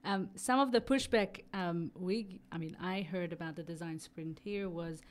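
A woman joining the interview, chatty and quick to laugh, living away from where she grew up. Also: on the low side. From not New Zealand.

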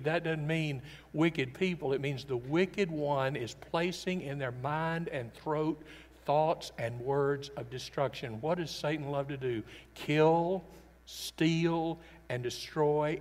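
A male pastor preaches with earnest emphasis, his somewhat high voice rising to loud declarations and dropping to near-confiding quiet. The sound trails off in the long reverb of a large hall. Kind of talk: sermon.

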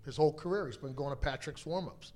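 A middle-aged man tells a story as a guest, in a voice pitched a little higher than most men's. He talks in a lively, animated way and acts out the people he quotes. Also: fast talker. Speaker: guest, father of a pro hockey player. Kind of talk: casual storytelling.

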